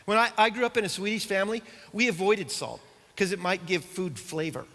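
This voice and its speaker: A man's voice: high-pitched, animated, a little fast, noisy background. A middle-aged man preaching a sermon in a church, conversational and humorous, tossing rhetorical questions to the congregation. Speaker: pastor. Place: church auditorium. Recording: church hall reverb.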